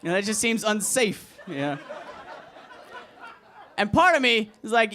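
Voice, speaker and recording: Man, young adult, stand-up comic, deadpan and crude, self-deprecating, high voice, comedy club open mic. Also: unhurried, long pauses, slight background noise. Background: audience laughter.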